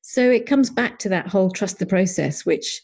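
A woman's voice: medium pitch, expressive, normal speed, creaky, a little mellow. A middle-aged woman, a coach, telling a personal story as a podcast guest in an earnest, reflective way. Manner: earnest, reflective, often quotes her own thoughts.

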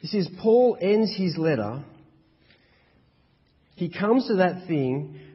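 A slightly rough, high voice carries this pastor's sermon, built on emphatic, rhythmic repetition. He preaches in a church hall, captured in a dull, echoey recording.

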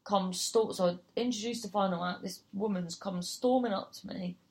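This comedian and compere, a woman with a medium-pitched, darkish voice, recounts a gig at a moderate pace. Her telling is casual, with free swearing and impressions of other people's voices.

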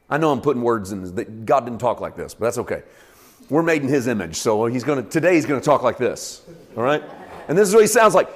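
A man's voice: mid-range voice, very animated, fast talker, in a large hall. A male pastor preaching a sermon in an emphatic, conversational way.

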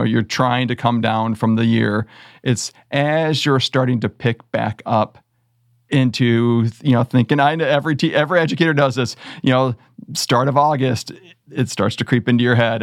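A man's voice: medium pitch, dry recording, clean studio sound. A man hosting a casual podcast, joking and sarcastic, laughing often with his co-host.

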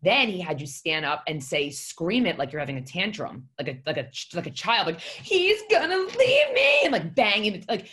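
A woman with a strikingly deep, bright and forceful voice tells a personal story in a casual, confessional way. She talks a little fast with few pauses and lively intonation, speaking bluntly and emphatically from the heart and swearing freely.

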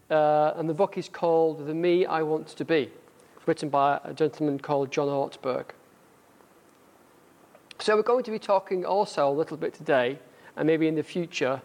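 A man's voice: a little high, a little mellow. Northern English man giving a sermon. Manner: conversational, self-deprecating, reads aloud. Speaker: church speaker. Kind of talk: sermon with a book reading.

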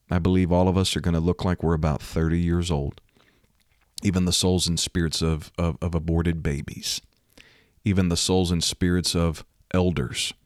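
A man preaching a sermon, fervent and building to loud, urgent exhortation, close to the mic. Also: low-pitched, no echo.

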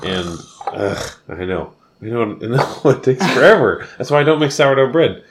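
A man's voice: mid-range voice, lively intonation, moderate pace, noisy background. A tipsy man co-hosting a casual podcast, rambling and laughing often as he answers questions. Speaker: podcast co-host. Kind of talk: casual chat.

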